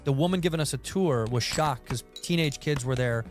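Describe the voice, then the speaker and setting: A man's voice: mid-range voice, brisk, faint music behind. A man co-hosting a podcast, chatting casually and telling anecdotes in which he acts out the voices of people he quotes. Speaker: podcast co-host. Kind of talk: casual chat, storytelling.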